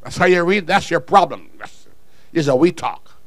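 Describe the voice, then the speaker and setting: Male pastor mid-sermon, high voice, animated delivery, dry recording. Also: moderate pace, no room sound. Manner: animated, swings from low asides to shouted exhortation.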